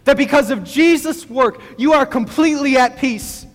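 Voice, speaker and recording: A middle-aged male pastor delivers a sermon with a very high voice. He talks in an easygoing, conversational way and pokes fun at himself. His voice rings with the long reverb of a large hall. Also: moderate pace. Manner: conversational storytelling with self-deprecating humor.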